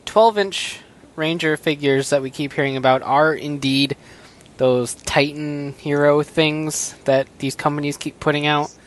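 A man's voice: fairly high pitch, fairly even intonation, unhurried. A man co-hosting a casual podcast, laid-back and rambling, with frequent ums while going through news. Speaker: podcast co-host. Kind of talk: casual chat.

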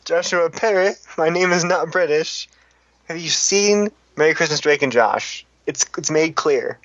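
A man co-hosting a podcast, reading listener comments with quick, exasperated jokes. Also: a little high, fairly bright tone. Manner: joking, exasperated, quick asides. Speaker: podcast co-host. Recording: dull lo-fi podcast audio.

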